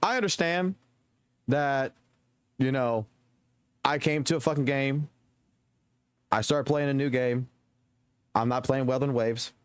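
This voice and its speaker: A man's voice: mid-range voice, unhurried, long pauses, clear, resonant tone, no room sound. A man streaming games and ranting to his chat, swearing often and repeating himself for emphasis. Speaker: game streamer.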